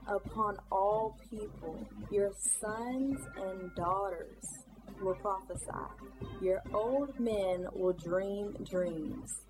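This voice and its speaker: A woman's voice: mid-range voice, rough recording. A woman narrating in a scripted religious style, earnestly urging listeners. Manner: slow, earnest exhortation. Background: music.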